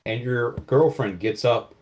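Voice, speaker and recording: A man's voice: mid-range voice, a little slow, a little mellow. A man narrating as game master, in vivid, casual storytelling with many fillers.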